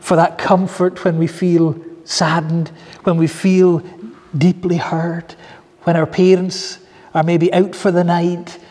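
A man preaches a sermon, with a slightly raised, mellow voice and a touch of huskiness. He tells his stories in an earnest, heartfelt way. The sound carries the long reverb of a large hall. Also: on the high side. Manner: earnest storytelling with soft asides. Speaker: pastor.

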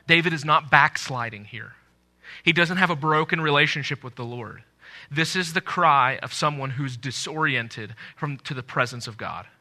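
A man delivering a sermon with a bright, ringing voice at a middle pitch. He preaches earnestly, rising loud for quoted lines and sinking quietly at the ends of his phrases. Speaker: pastor.

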